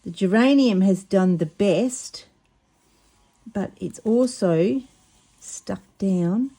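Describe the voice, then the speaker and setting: A woman, chatting casually and excitedly while showing a craft project, often stumbling over her words. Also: mid-range voice, slow pace. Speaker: craft vlogger.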